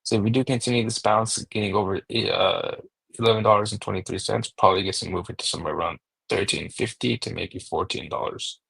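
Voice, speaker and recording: A man walking through stock charts aloud, steady and number-heavy, thinking out loud as he goes. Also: lowish voice, fast, creaky, husky, dry recording, low-quality recording. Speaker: market analyst host. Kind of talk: technical chart analysis.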